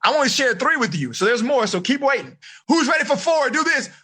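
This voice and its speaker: A man running a live seminar for teenagers, energetic and asking the audience questions. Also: very high voice, a little fast, breathy edge. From United States. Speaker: teen life coach.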